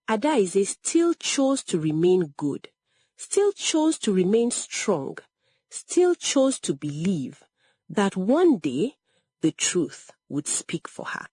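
A woman tells a story slowly and with care, her voice a little husky. Her pitch moves a lot, rising and falling through each line. The sound is close and dry. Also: sing-song, mellow, no echo. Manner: slow, measured, pausing between phrases. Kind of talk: dramatic story narration.

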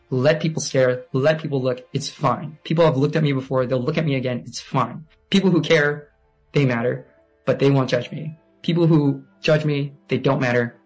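Fast-talking young man telling a personal story. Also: fairly high pitch. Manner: rambling, animated, heavy use of "like".

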